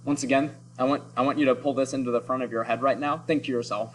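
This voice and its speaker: A man, a teacher, who reads a short story aloud and pauses to explain vocabulary and prompt his listeners to think. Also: medium pitch, steady tone, slight background noise, rough recording.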